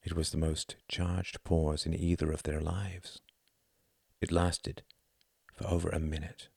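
A man narrating a novel in a calm, measured audiobook style. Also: low-pitched, gravelly, husky, dry recording, studio quality.

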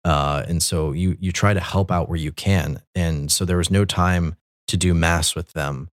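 A man's voice: low voice, fairly even intonation, moderate pace, no room sound, clean studio sound. A man, a Catholic military chaplain, telling his story in a loose, rambling way with many fillers and restarts. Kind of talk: conversational storytelling.

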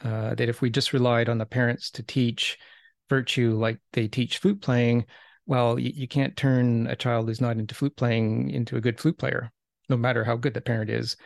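A man guides a relaxed seminar discussion with a gravelly, fairly flat voice. He speaks thoughtfully and in a measured way, often restarting his sentences. The sound is dry and close. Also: medium pitch, no room sound. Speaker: discussion leader.

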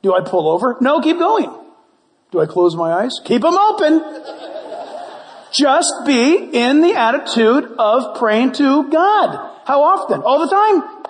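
A pastor preaching a sermon, playful and animated, acting out prayers and little dialogues. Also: male voice, very high-pitched, unhurried. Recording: long hall reverb.

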